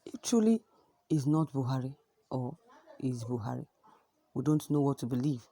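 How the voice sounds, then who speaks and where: Husky, mellow news commentator. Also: medium pitch, lively intonation, normal speed. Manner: emphatic, repeats points with restarts. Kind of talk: news reading, then opinionated commentary.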